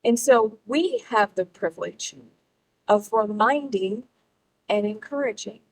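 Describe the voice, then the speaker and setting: A middle-aged woman speaking to a live crowd, emphatic and rallying, with pauses for effect. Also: mid-range voice, poor audio. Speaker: speaker at a political gathering. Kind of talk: public speech to a live audience.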